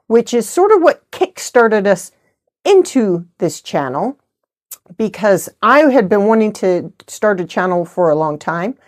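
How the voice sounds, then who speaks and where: A middle-aged woman chats casually on her crafting vlog. She rambles along in a good-humored way. Her voice sits at an ordinary mid pitch. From United States. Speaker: host of a knitting channel. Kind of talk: casual chat.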